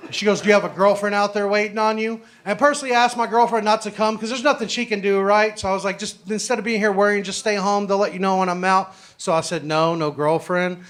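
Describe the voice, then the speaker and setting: Young male stand-up comic, higher voice, brash profane storyteller. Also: fairly even intonation, fast talker, hardly any pauses, a bit bright. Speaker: stand-up comedian. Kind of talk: stand-up comedy set.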